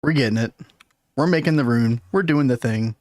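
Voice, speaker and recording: A man's voice: medium pitch, a little fast, darkish tone, dry recording. Laid-back male game streamer, dry sound. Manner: laid-back, chuckling, thinking aloud. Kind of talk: casual game stream chat.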